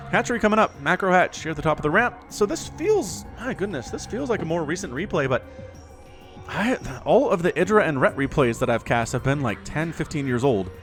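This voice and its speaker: A man's voice: medium pitch, fairly bright tone. A man casting a strategy game replay in a chatty, jokey way that wanders into asides. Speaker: game caster. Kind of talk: casual video game replay commentary.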